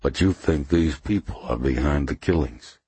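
A man voicing a calm, measured FBI agent. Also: rumbling low, breathy edge, no room sound, heavily acted. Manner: measured, deliberately casual.

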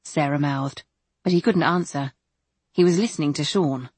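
A woman with a low, slightly rough voice narrates an audiobook from a script, telling the story in a measured, even manner. The recording is dry.

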